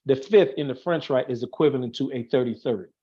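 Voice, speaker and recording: Here the man is brisk, with a mellow, husky mid-range voice caught in a muffled recording. He's a Masonic officer guesting on an online show, earnestly explaining in a chatty way, thinking out loud with lots of fillers and restarted sentences.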